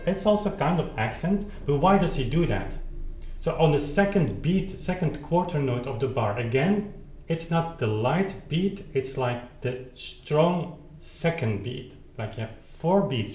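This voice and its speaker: A man's voice: medium pitch, a little mellow. Man teaching at the keyboard, roomy sound. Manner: thinks aloud, restarts, sings rhythms with syllables. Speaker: piano teacher. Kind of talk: demonstrating at the keyboard, explaining. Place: room with a keyboard instrument. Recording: roomy sound, instrument playing between phrases.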